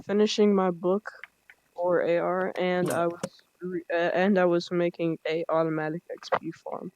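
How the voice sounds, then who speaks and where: A young man co-hosting a casual podcast, talking quickly with lots of restarts and halting phrases. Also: sits high, level tone, a little mellow, muffled recording. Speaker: podcast co-host. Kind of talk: casual chat.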